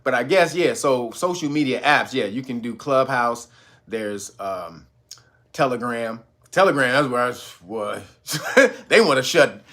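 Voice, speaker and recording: A man hosting his own channel, giving loose, profane commentary and laughing often as he talks. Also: bright, forceful tone. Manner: mocks a stiff, slow talker in a low voice. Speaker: channel host. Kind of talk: casual commentary video.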